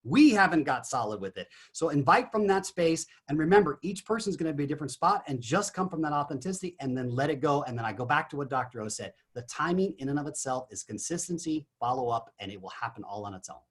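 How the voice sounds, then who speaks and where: A man giving an energetic motivational talk as a guest on a business call, animated and emphatic. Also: on the high side, fast, few pauses, husky. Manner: animated, emphatic, punchy exclamations.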